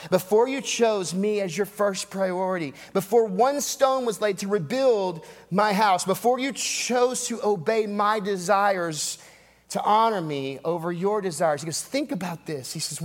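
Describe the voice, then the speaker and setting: A man preaching a sermon, emphatic and repetitive, with rhetorical asides and dramatic drops in voice. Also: sits high. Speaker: pastor. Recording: long hall reverb.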